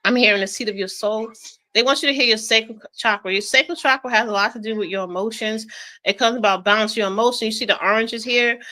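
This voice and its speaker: Brief: high, bright woman, casual chatty tarot reader. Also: quick pace, low-quality recording. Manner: giggly, keeps breaking into laughter and apologizing; chatty, informal speech with fillers. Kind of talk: casual live tarot reading.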